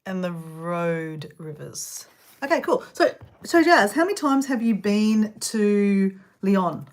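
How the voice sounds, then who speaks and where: A woman's voice: mid-range voice, animated, slow pace. A woman hosting a casual live stream, rambling and chatting while eating snacks indoors. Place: indoor room.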